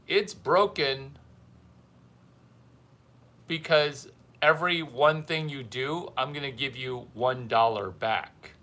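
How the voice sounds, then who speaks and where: Speaking in a bright, forceful mid-range voice, this man runs a casual livestream monologue. He plays mentor to his audience, teasing them bluntly and saying lines over again for emphasis.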